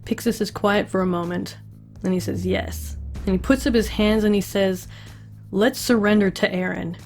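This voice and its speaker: A woman's voice: medium pitch, steady tone, moderate pace, darkish tone, soft background music. A woman chatting casually through an episode recap, with wry asides. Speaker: recap host.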